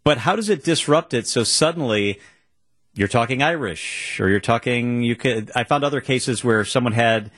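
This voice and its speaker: A man's voice: medium pitch, normal speed, fairly bright tone, dry recording, clean studio sound. A man hosting a radio talk show, chatting casually and reading out facts in between. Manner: conversational, reads out facts. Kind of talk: casual chat.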